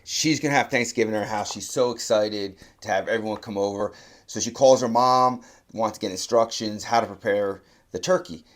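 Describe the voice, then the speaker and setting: A man giving a motivational talk, telling a story and then reflecting slowly with soft pauses. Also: lowish voice. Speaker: motivational speaker.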